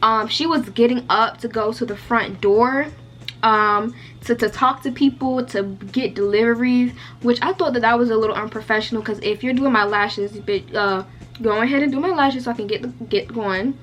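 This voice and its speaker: A woman's voice: on the high side, a bit bright. A young woman vlogger telling a storytime casually, chatty and candid with lots of fillers and some swearing. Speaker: beauty vlogger.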